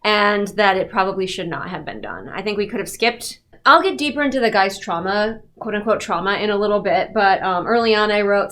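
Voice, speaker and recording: A woman's voice: mid-range voice, lively intonation, fairly quick, few pauses, a bit bright. A woman giving a casual, sarcastic and exasperated book review rant.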